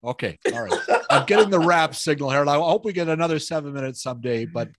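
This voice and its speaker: A male journalist interviewing an actor, keeping his questions short and rushing against the clock. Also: on the high side, expressive, background noise. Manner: hurried, apologetic about time, short prompts. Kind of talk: press interview.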